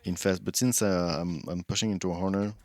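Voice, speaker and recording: A male streamer with a lowish voice talks casually while he plays, rambling through false starts and thinking aloud. His voice is close to the mic and dry, with no room sound behind it. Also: steady tone, brisk, no room sound. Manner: rambling, many restarts, chats with viewers while thinking aloud.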